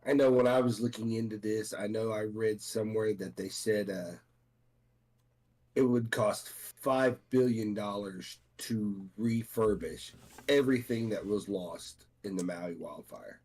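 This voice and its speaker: A man's voice: on the low side, a little slow, a little mellow. A man from the United States co-hosting a podcast in casual chat, rambling with frequent restarts and fillers. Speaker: podcast co-host.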